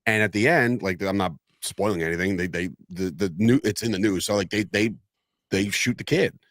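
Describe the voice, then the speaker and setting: A man's voice: fairly low pitch, normal speed, no room sound, clean studio sound. A man in casual chat, telling stories animatedly and swearing freely. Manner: animated storyteller who swears a lot.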